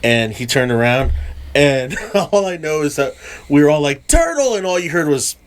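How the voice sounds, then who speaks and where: A man's voice: a little high, normal speed, a little hiss or hum. A man in casual podcast chat, laid-back, who keeps saying "dude.". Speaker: podcast co-host.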